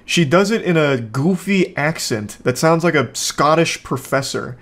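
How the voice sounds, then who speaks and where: A man's voice: fairly high pitch, lively intonation, unhurried, a bit bright. A man giving casual reaction commentary on a video from home, sarcastic and joking with rambling asides.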